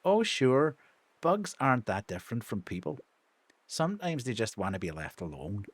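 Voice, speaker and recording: A man's voice: medium pitch, big pitch swings, normal speed, no echo, voice pushed down. A man putting on a Northern Irish accent to voice a friendly, easygoing male bug hunter in a game.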